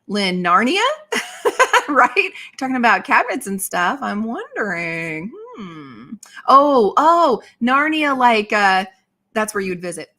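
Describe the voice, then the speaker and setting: A woman's voice: on the high side, very animated, a little slow, pushed and bright. A woman in her thirties hosting a livestream and reading viewer comments in casual chat, bubbly and exclamatory, laughing often. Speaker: livestream host.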